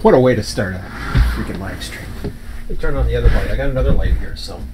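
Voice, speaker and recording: A man's voice: medium pitch, fast, very noisy. A Canadian man chatting casually on a live stream from home, rambling to himself while he fiddles with his camera and chat window. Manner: rambling, self-talking while fiddling with setup. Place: home room, at computer.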